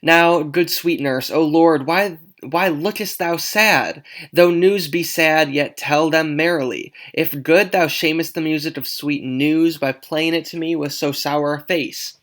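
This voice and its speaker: In a dramatic read-aloud of a play, a man with a fairly high voice reads the part of Juliet, an impatient young girl. He goes a little slowly with few pauses, louder than usual, his lines urgent and pleading.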